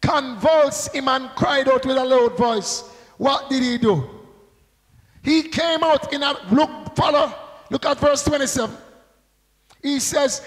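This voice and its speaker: A man's voice: very high-pitched, measured pace, long reverb tail, low-quality recording. A male pastor preaching a sermon, drawing out call-and-response with rhetorical questions and prompts to the congregation.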